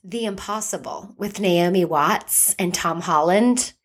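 Woman, middle-aged, co-host, casual chat, lively storyteller. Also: lowish voice, measured pace. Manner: chatty, animated storyteller.

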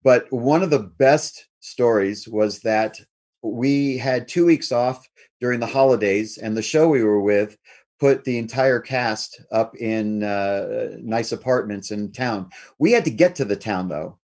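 A middle-aged man telling a personal story in a lively way, now and then putting on his family members' voices. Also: medium pitch, takes it slowly. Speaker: guest storyteller.

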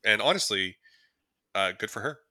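A man's voice: lowish voice, expressive, moderate pace, sharp tone, dry recording, studio quality. A man co-hosting a movie podcast, talking casually and rambling with lots of fillers and chuckles. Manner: laid-back, rambling, frequent fillers and chuckles. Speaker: podcast co-host. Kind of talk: casual movie review chat.

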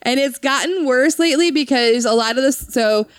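A woman's voice: high voice, normal speed, clean tone, dry recording. A woman from Northeast Ohio co-hosting a podcast, telling stories animatedly and laughing easily. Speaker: podcast co-host. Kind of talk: casual chat.

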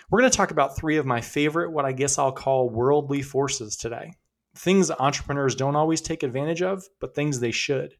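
A man's voice: a little high, creaky. A man hosting a podcast, telling stories in a conversational, upbeat way. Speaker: podcast host. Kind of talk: scripted podcast narration.

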